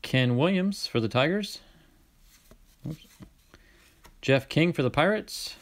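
A man's voice: a little high, takes it slowly. Chatty man opening cards. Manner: chatty, reads names aloud, bursts of excitement. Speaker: card-collecting channel host. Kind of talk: casual card-opening commentary.

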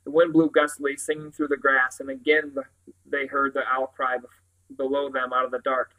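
A man reading a children's novel aloud in a steady manner, with occasional slips and restarts. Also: mid-range voice, moderate pace, low-quality recording. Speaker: reader.

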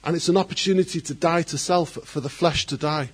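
A man preaching a sermon as pastor, animated, acting out quoted voices and adding joking asides. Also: on the high side, fairly quick, slightly rough.

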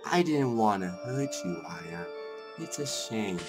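A hushed, sinister father speaks gently and possessively, put on by a man reading game dialogue. His pitch swings widely between low murmurs and sudden rises, with music playing clearly underneath. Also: big pitch swings, slow. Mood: eerily gentle. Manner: soft, low, menacing tone.

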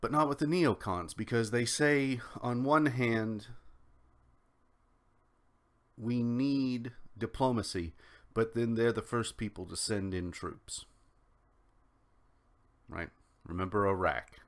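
A man's voice: medium pitch, measured pace. An American man hosting a solo political commentary podcast, talking in a rambling way with frequent restarts and ums. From United States. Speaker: podcast host.

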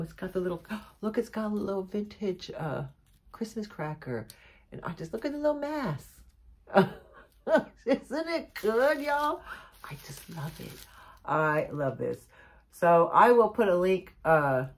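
A middle-aged woman, gushing and excitable as she chats casually to the camera about a haul. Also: deep voice. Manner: gushing, excitable, says y'all a lot. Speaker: vlogger showing a haul.

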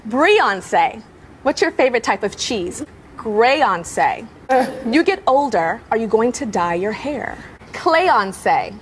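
A woman's voice: a little high, sing-song, slow pace, a little hiss or hum. Teasing woman firing quiz questions. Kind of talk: playful quiz with silly wordplay.

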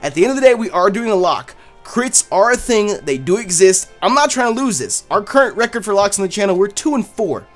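Loud, cursing man doing game commentary, high and very animated; faint game music behind. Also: brisk, hardly any pauses. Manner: loud, boisterous, cursing and joking. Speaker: Let's Play host. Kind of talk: casual gameplay commentary.

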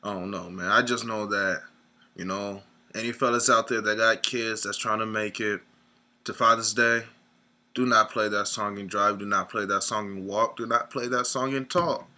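A man's voice: on the low side, fairly even intonation, normal speed, pushed and bright. A young man rambling in a mock-serious rant, whiny and near tears, tacking "man" onto every line. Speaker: comedic sketch performer.

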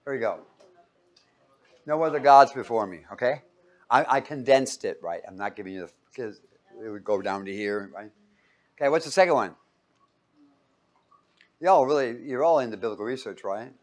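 A man's voice: medium pitch, expressive, moderate pace, pauses often. A man teaching a Bible class in a playful way, quizzing his listeners and joking with them as he talks to a live group. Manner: playful, quizzes the audience and jokes.

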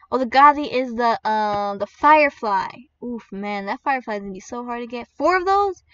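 A woman's voice: a little high, dry recording. A young woman hosting a casual gameplay video, chatting dramatically, begging the game for a rare prize and giggling often. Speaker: gaming channel host. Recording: distant, dull lo-fi mic.

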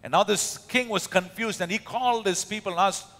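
A man's voice: high voice, a little fast, bright, forceful tone. A man with an Indian accent preaching a sermon as pastor, emphatic, with many fillers and rhetorical questions. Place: church hall. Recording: echoey church hall.

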